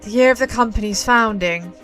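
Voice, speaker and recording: A woman's voice: fairly high pitch, brisk, fairly bright tone, faint music behind, close to an everyday voice. A woman voicing a cold, scheming businessman who speaks in curt, matter-of-fact phrases on the phone, reading game dialogue aloud.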